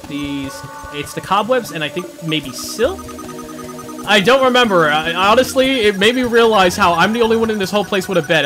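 A man talks through his gameplay in a fairly high voice that swings up and down a lot. He is excitable and flustered, mocks himself, and chats to his viewers like mates. Game music plays steadily behind him. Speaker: gaming channel host. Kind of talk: casual gameplay commentary.

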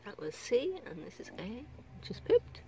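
Woman, chicken keeper, coos to her birds in a slow, very sing-song voice; outdoor take, clucking hens behind. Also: fairly high pitch, very animated, heavy background noise. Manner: soft, doting, talks to the birds. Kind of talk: cooing chat to hens and chicks. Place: outdoor hen coop. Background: clucking hens and cheeping chicks.

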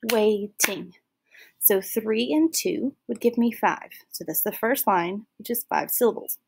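A woman's voice: a little high, animated, normal speed, vocal fry, darkish tone, slightly rough. A woman teaching a recorded first grade lesson, explaining patiently and clapping out syllables. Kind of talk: recorded classroom lesson for young children.

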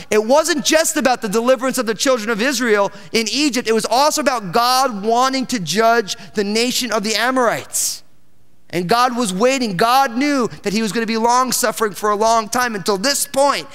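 A man's voice: high voice, a bit bright, clear, resonant tone. Preaching man in an echoing church. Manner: expository preaching, reading scripture aloud and exclaiming. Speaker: pastor. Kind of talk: sermon. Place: church sanctuary. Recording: church hall with long reverb.

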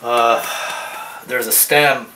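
Male art teacher, mid-pitched, rambling demo talk, distant mic, echoey room. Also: steady tone, drawn-out words. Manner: thinking aloud, rambling with restarts. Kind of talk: drawing demonstration. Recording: roomy echo, mic at a distance, faint hiss.

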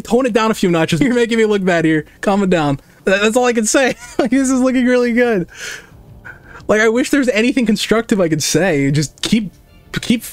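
A young man chatting on a live art stream, joking, swearing and mocking himself and his chat. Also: no room sound. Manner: mocks chat in high squeaky voices. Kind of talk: casual livestream chat. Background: faint music.

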